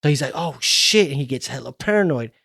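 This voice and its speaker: A man co-hosting a podcast, retelling movie scenes in a profane, animated casual chat. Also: mid-range voice, very fast, vocal fry, breathy edge, no room sound, studio quality. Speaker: podcast co-host.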